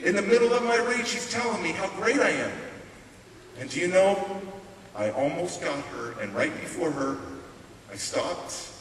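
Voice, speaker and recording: A man giving a live motivational speech in a large hall. He tells his story in an animated way and stresses points through repetition. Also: sits high, normal speed. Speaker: motivational speaker. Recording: echoey hall from far off, faint hiss.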